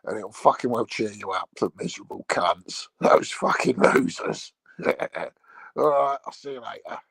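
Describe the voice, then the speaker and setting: A man's voice: fairly low pitch, normal speed, vocal fry, a bit bright, breathy edge, no room sound. A man rambling crudely through a casual vlog monologue and laughing at his own jokes. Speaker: vlogger.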